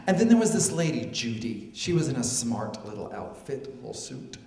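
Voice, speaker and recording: A man performing a comic personal story on stage, animated and prone to high excited exclamations. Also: moderate pace, gravelly, few pauses. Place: storytelling show venue. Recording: echoey hall, live stage.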